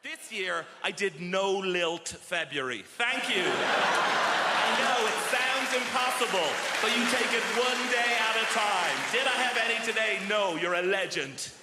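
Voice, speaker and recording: A high-pitched man tells quick stand-up stories, acting out the quotes as he goes. His voice carries through a large, echoing theatre, and loud crowd laughter comes back at him. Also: very noisy. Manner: brisk storytelling with acted-out quotes and asides. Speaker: stand-up comedian. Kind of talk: stand-up routine.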